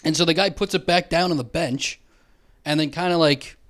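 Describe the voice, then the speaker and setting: Young guy, podcast comic, a touch high-voiced, swearing, sarcastic rambling rant. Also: moderate pace, fairly bright tone. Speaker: podcast host. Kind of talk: comedic rant. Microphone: headphones and studio mic.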